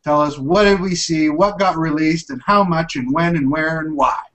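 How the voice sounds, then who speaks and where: A man's voice: fairly high pitch, normal speed, fairly bright tone, poor audio. A man hosting a casual tech podcast, chatty and upbeat, rambling as he talks. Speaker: tech show host.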